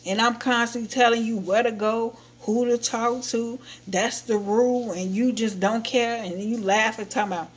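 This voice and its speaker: A woman's voice: fairly high pitch, fairly even intonation, moderate pace, hardly any pauses. Blunt, scolding woman streamer. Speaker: livestream host. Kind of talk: casual venting chat to viewers.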